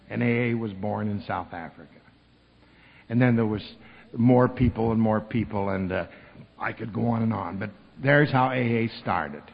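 A man spins a long story at a meeting, lively and acting out each person he quotes. His voice sits at an ordinary middle pitch. The recording is dull and lo-fi, with a long hall reverb trailing each phrase. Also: vocal fry. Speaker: speaker at a recovery meeting. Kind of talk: storytelling talk.

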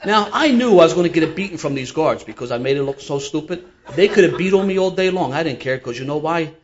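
A man's voice: a little high, fast, highs cut off, a little hiss or hum. Older Philly man spinning a yarn. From Philadelphia. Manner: animated, laughing through his own tale. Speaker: storyteller guest. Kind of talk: casual storytelling.

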